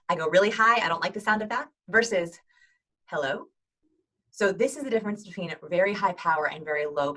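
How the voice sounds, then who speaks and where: Woman, thirties, upbeat instructional host, energetic, quick delivery. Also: on the low side, low-quality recording. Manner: energetic, demonstrates voices and greetings. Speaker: host giving video call tips.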